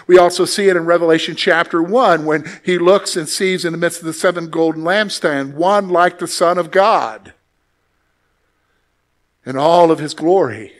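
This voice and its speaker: A man pastor preaching a sermon, emphatic, moving between loud exclamations and quiet asides. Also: fairly high pitch, normal speed.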